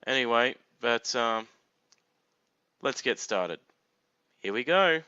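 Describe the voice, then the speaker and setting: A man riffs through a blind reaction to a cartoon, casual and laughing often, with crude jokes. His voice is bright and smooth, and the dry, dull recording sounds lo-fi. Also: mid-range voice, animated, slow, no echo. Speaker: reaction commentator.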